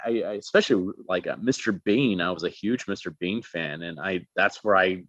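A man speaking as a guest in a casual interview, an animated, expressive storyteller. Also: deep voice, normal speed, no echo, lo-fi sound. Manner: animated, expressive storyteller who jumps into voices. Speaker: guest, actor.

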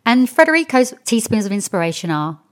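A woman's voice: a little high, big pitch swings, a little fast. A woman hosting a podcast, recapping guests in an effusive, upbeat manner. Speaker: podcast host. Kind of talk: episode recap narration.

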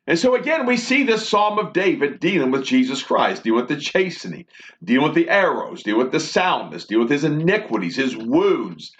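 A man's voice: a little high, big pitch swings, fairly quick, fairly bright tone. A man leading a Bible study, reading scripture aloud and then explaining it in an earnest way. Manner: earnest, reads verses then expounds. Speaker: Bible teacher. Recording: dull lo-fi recording.

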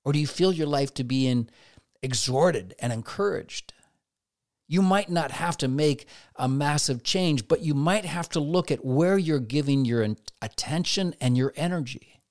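A man's voice: mid-range voice, measured pace, a little mellow. Male therapist, mid-range voice, motivational faith talk, rhetorical questions, acts out quotes.

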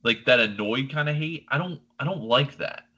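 Animated bright-voiced man ranting. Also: mid-range voice, moderate pace, breathy edge, muffled recording. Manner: animated, opinionated ranting with filler words. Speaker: podcast co-host. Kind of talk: casual chat.

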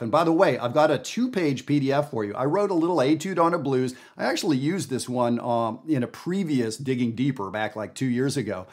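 A man hosting a jazz podcast, teaching in a casual, animated, emphatic way with everyday fillers. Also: mid-range voice. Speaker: jazz educator and podcast host.

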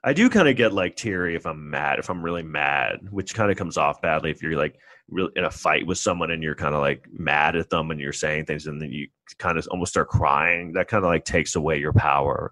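A man's voice: brisk, pushed and bright, dry recording. A man from New York City in his forties with a New York accent, rambling through a casual solo podcast monologue with self-deprecating humor. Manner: rambling, self-deprecating, acts out others in mocking high voices. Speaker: podcast host.

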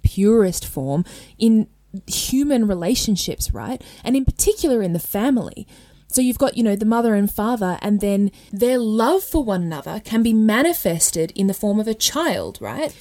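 A woman's voice: mid-range voice, lively intonation, normal speed, dark tone, no echo. A woman with an Australian accent hosts a casual explainer, talking in a chatty way that keeps checking in with "right?" and "okay?" and breaks into light laughs. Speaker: host. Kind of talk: casual educational talk.

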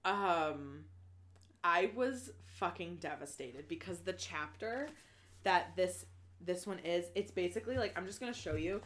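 A woman recapping a novel in casual chat, animated and laughing often, swearing freely and full of restarts. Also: on the low side, a little slow.

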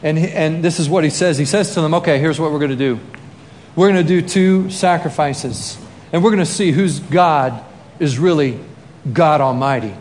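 A man preaching a sermon as lively storytelling, acting out scenes with shouts and sound effects. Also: fairly high pitch, normal speed, slight background noise. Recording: long reverb of a large hall, faint ambience.

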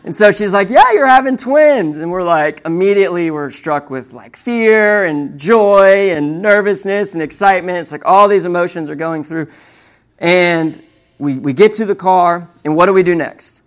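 A man's voice: high-pitched, moderate pace. A young man preaching a sermon in a conversational way, often checking in with the audience with "right?" and telling stories with animation. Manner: conversational, keeps asking "right?"; animated storytelling.

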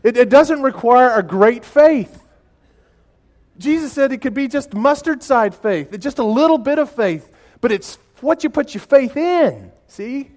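This pastor's sermon is folksy and conversational, full of stories delivered with animated swings from soft and slow to loud and excited. He often restarts his words, and his voice is very high.

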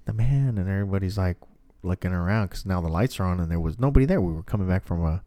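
A man's voice: sits low, very fast, warm tone, no room sound. A man in casual chat, rambling and swearing freely as he tells a story. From family from Mexico.

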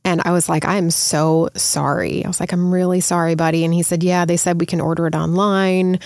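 A woman's voice: fairly low pitch, little pitch movement, fairly quick, darkish tone, no echo, clean studio sound. A woman in her thirties, a podcast host telling a family story in a casual, chatty way with many fillers.

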